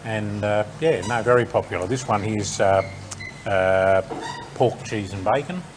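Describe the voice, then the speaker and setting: A man's voice: on the low side, unhurried, a crowd in the background. A man who owns a restaurant, describing his food with many hesitations. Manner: hesitant, many ums and uhs. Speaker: restaurant owner. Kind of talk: casual chat.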